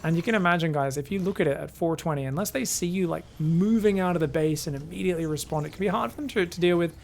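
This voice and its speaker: A man's voice: on the high side, quick pace, vocal fry, a little mellow, slight background noise. A man casting a game live on his own, chatty and rambling, talking straight to his viewers. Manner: chatty, rambling, talks to chat. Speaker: game caster. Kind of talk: live solo game commentary.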